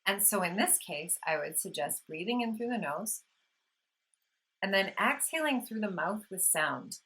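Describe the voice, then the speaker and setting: A woman vlogger gently explaining calming practices in a soothing, unhurried talk, with audible sighs when she demonstrates breathing. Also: medium pitch, low-quality recording. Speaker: wellness vlogger. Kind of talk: casual instructional talk.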